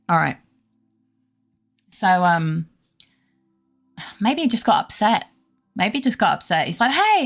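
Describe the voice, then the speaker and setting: A woman's voice: fairly low pitch, gravelly, a bit bright. A young woman streaming, chatting casually and rambling fondly about her dog while greeting her chat. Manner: baby-talk voice toward her dog. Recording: faint background music.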